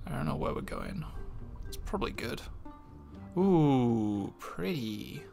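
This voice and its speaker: Man with a gravelly voice playing a game. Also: mid-range voice, huge pitch swings, slow, dark tone, faint music behind. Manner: casual, rambling with fillers and restarts. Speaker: streamer. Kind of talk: let's-play commentary.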